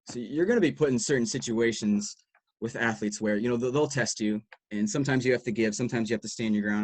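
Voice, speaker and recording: Guy telling frank stories from his dietitian job, lowish voice, dry close sound, swears sometimes. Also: dry recording. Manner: candid storytelling, casual with swearing. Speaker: sports dietitian speaker. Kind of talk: reflective talk to practitioners.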